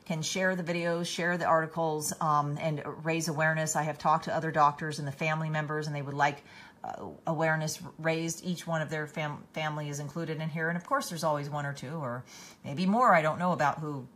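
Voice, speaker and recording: A woman's voice: sits low, steady tone, brisk, fairly bright tone. A woman hosting a casual live stream, tired, reading out viewer comments and answering them by name with many fillers and restarts.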